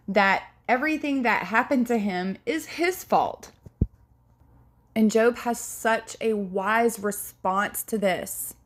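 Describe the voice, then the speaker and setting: A woman giving an earnest, compassionate Bible teaching talk, speaking deliberately. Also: medium pitch.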